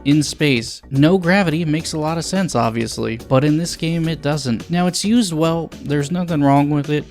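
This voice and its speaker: A man's voice: a little high, normal speed, darkish tone, faint music behind. Blunt, sarcastic male game reviewer. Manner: blunt, sarcastic, crude jokes. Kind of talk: scripted video game review.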